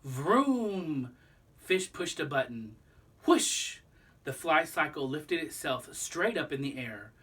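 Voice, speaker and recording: A man reading a children's book aloud, pausing to explain the lesson to young listeners. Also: on the high side, lively intonation, bright, forceful tone, husky, distant mic. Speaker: storybook reader.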